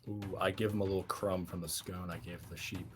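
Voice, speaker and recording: Casual tabletop player, low voice. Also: male voice, steady tone, faint music behind. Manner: casual, quick short replies. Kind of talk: casual tabletop game talk.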